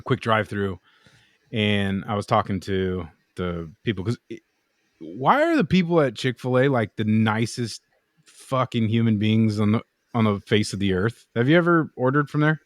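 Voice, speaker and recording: A man's voice: lowish voice, expressive, moderate pace, no room sound, clean studio sound. A man co-hosting a podcast in casual chat, rambling through stories, swearing and acting out what people said. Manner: rambling storyteller, swears, acts out quotes. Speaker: podcast co-host, knifemaker.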